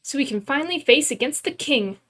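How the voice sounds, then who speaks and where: A woman's voice: sits high, expressive, a little fast, voice pushed up. Mirabelle, a cheerful young woman read by a woman. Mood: affectionate. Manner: gentle, encouraging wake-up calls.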